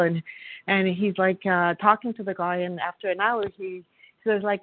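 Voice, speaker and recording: A woman's voice: mid-range voice, fairly even intonation, fairly quick, no room sound. A woman from Montreal sharing her recovery story at a meeting, heartfelt, acting out the voices of a story she tells. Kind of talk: personal recovery share. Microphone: phone call. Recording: tinny phone line.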